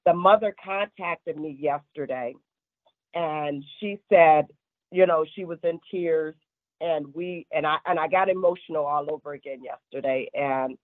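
A woman's voice: low-pitched, unhurried, no room sound. Heartfelt woman pastor on a phone line. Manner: heartfelt, quotes callers at length. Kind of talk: emotional interview testimony.

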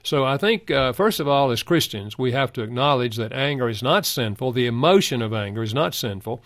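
A man's voice: mid-range voice, animated, fairly quick, fairly bright tone, dry recording, clean studio sound. An older man, a guest counselor in a Christian radio interview, telling stories in an earnest way. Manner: earnest storytelling.

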